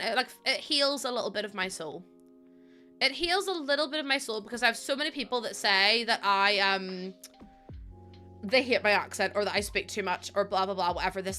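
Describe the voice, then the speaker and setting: A woman's voice: mid-range voice, pushed and bright. A woman with a Northern Irish accent, chatting casually to her viewers while building in a game, laughing often. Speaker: streamer.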